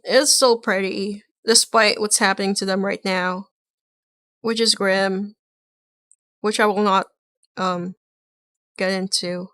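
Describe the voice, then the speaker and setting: A woman's voice: medium pitch, steady tone, slow, long pauses, a bit bright, clean tone, no echo. A woman streaming a reaction to a video, chatting casually in a rambling, blunt way and swearing now and then.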